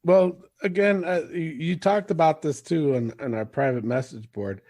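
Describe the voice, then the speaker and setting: A man's voice: on the high side, normal speed, a little mellow. A man co-hosting a podcast in casual chat, rambling, laughing and swearing freely. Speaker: podcast co-host.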